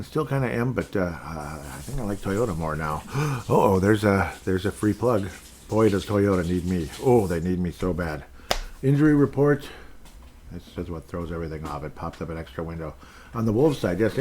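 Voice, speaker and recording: A man's voice: low voice, a little mellow, slight background noise. A man hosting a solo sports podcast, rambling casually with jokey, self-deprecating asides. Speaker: podcast host.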